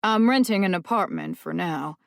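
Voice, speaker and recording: A woman's voice: mid-range voice, lively intonation, moderate pace, vocal fry, dry recording, clean studio sound. Woman doing a hesitant polite man. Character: hesitant polite adult man, new guest.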